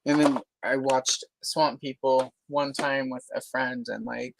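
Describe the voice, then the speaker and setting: A woman's voice: a bass voice, little pitch movement, measured pace, gravelly, background noise. A woman from Louisiana hosting a casual livestream chat, talking in a chatty way with many fillers and careful, neutral speech. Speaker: host.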